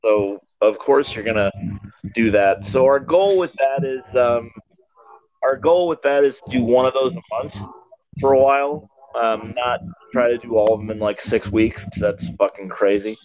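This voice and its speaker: A man of middle pitch hosting a laid-back podcast. He keeps the talk moving and swears offhandedly. The sound is a bit dull and lo-fi. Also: normal speed, a little mellow. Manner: steers the talk, swears casually. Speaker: podcast host. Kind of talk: casual chat.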